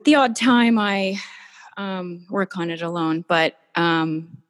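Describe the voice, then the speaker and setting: A woman artist telling warm, gushing stories in a casual podcast chat, with many restarts. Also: lowish voice, takes it slowly. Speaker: painter, podcast guest. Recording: long hall reverb.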